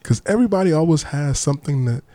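A man's voice: on the high side, expressive, fast talker, mellow. A man hosting a casual podcast, playful and laid-back, often repeating himself. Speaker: podcast host.

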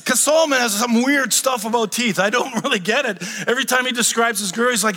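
Middle-aged male pastor, sermon, animated and joking, high bright voice, long hall reverb. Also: a little fast, hardly any pauses. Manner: animated, humorous, rising to excited shouts.

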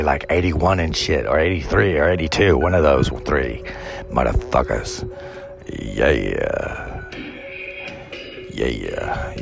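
A man's voice: extremely low pitch, vocal fry. A man talking to his viewers in a casual, rambling way, full of crude and profane banter while he gets music playing.

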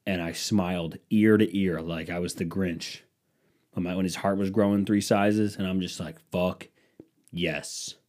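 A young man with a fairly low voice hosts a casual solo podcast. He rambles from one story to the next, swears freely and calls himself scatterbrained. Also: fairly even intonation, moderate pace, darkish tone. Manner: rambling, profane, scatterbrained, mocking voices for quotes. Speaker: podcast host.

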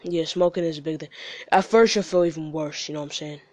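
A man's voice: on the high side, fast talker, no echo. A man hosting a podcast, giving blunt, casual advice with plenty of swearing. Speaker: podcast host. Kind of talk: candid podcast chat. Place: studio.

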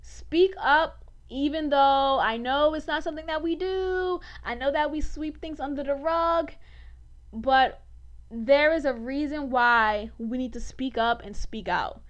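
A woman's voice: sits high, measured pace. A woman hosting a faith podcast, talking candidly and with animation, often laughing and saying "like" a lot. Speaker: podcast host. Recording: dull lo-fi podcast audio.

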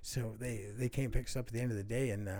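A man's voice: mid-range voice, steady tone, quick pace, dark tone. A man telling rambling, profane work stories in casual conversation, often adding "right?". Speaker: guest. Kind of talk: casual storytelling.

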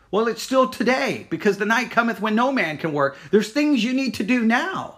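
A man giving a devotional sermon, earnest and searching, repeating his questions slowly. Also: very high voice, expressive, fairly bright tone. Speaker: pastor.

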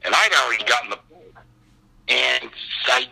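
Husky, bright-voiced man in his sixties. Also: mid-range voice, moderate pace, rough recording. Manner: animated storyteller who acts out the other people in his story. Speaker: actor guest. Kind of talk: casual anecdote telling.

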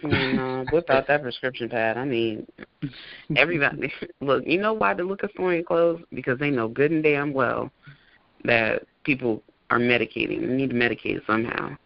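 A man's voice: mid-range voice, normal speed, gravelly, dry recording. A man co-hosting a podcast, chatting casually and joking with frequent laughs. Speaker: podcast co-host. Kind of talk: casual chat. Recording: dull, dry lo-fi sound.

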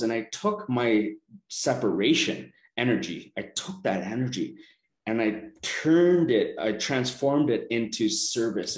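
Earnest man in a roomy echo. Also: mid-range voice. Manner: earnest, reflective self-help talk with frequent "right?". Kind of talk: casual chat.

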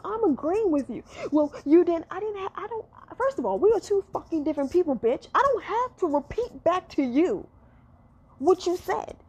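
A woman's voice: high voice, mellow, muffled recording. A woman giving a blunt, profane rant, often repeating herself for emphasis.

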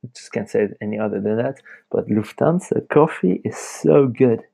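A man's voice: mid-range voice, expressive, moderate pace, gravelly, warm tone. A young man hosting a casual late-night podcast from home, rambling and chatty, laughing often as he talks. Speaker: podcast host.

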